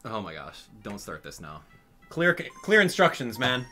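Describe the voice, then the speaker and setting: A man hosting a gaming channel, talking straight to his viewers in an exasperated, animated way during live game commentary. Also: on the low side, normal speed, soft background music.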